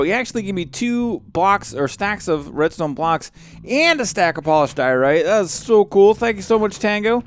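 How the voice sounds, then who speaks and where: A man hosting a casual game commentary, chatty and excitable and quick to cry out in surprise. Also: high-pitched, a little hiss or hum. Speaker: let's play host.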